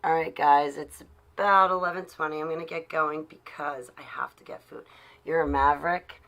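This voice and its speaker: Low, gravelly woman ranting from her car. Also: steady tone, normal speed, fairly bright tone. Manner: sarcastic, ranting, chatty. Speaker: live-stream host talking to chat viewers. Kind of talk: casual live-stream chat. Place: in her car while driving.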